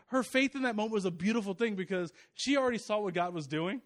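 A man's voice: sits high, fast. A male pastor in his thirties giving a casual, joking sermon to his congregation, with many fillers and restarts.

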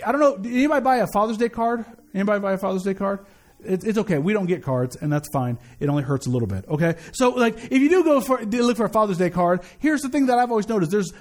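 A man preaches from the pulpit with a strikingly high voice that leaps up and down expressively. He keeps the sermon conversational, breaking off to tease the congregation before returning to his point. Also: a little mellow. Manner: conversational, joking asides to the congregation. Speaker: pastor. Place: church sanctuary.

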